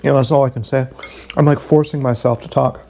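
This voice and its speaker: A man's voice: mid-range voice, steady tone, quick pace, vocal fry, background noise. A man telling a long, candid, swearing story about his day in a rambling vlog. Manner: swearing, candid, self-deprecating, repeats himself. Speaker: vlogger.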